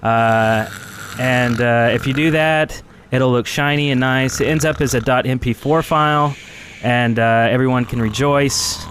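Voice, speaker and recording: A man's voice: medium pitch, steady tone, a little slow, a bit bright. Rambling male podcast host, easygoing and self-deprecating, faint hiss behind. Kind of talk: casual podcast chat.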